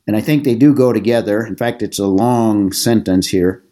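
A middle-aged man teaching a Bible study class, explaining passages in a measured way with some halting restarts. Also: on the low side, mellow.

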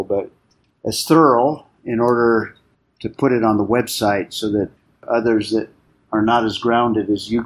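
A man teaching a Bible study class, explaining in a measured way and putting questions to his listeners. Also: fairly low pitch.

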